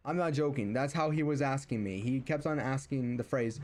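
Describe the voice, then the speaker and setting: A man's voice: mid-range voice, moderate pace, hardly any pauses, a little mellow. A young man streaming, ranting casually about family, rambling with many restarts and fillers and rising when riled. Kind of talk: casual rant while streaming.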